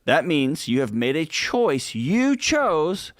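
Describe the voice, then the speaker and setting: A man co-hosting a radio advice show, talking directly and acting out heartfelt pleas in a hushed voice. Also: fairly high pitch, big pitch swings, slow, no echo, clean studio sound. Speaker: co-host answering listener questions.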